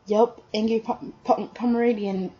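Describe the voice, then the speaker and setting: A woman's voice: on the high side, fairly even intonation, moderate pace, warm tone, slightly rough. A woman voicing a cheerful young male hero student who talks in an easygoing, hesitant way with many fillers. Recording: dull lo-fi audio.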